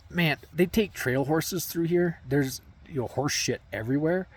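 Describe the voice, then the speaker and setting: A man's voice: medium pitch, a little mellow. A young man from Wisconsin, a thru-hiker vlogging from camp in the mountains outdoors, telling trail stories in a rambling, laid-back way full of fillers. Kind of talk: casual storytelling to camera.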